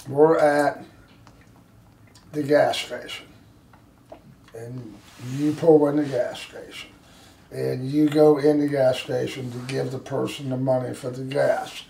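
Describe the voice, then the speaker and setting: A man teaching a firearms class, blunt and forceful, acting out street scenarios for his students. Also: medium pitch, fairly even intonation, takes it slowly, creaky, pauses often, a little hiss or hum. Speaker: firearms instructor. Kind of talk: classroom instruction. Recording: echoey room from far off.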